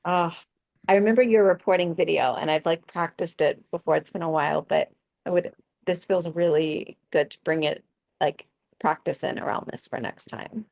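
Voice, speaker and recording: A woman taking part in a live coaching call, speaking softly and tentatively with many fillers. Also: fairly low pitch, fairly even intonation, normal speed, vocal fry, no echo. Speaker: session participant. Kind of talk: casual conversation on a video call.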